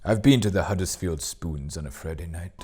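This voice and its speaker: A man's voice: sits low, brisk, darkish tone, husky. A man putting on a wry, teasing male companion who talks dryly in a comedy sketch.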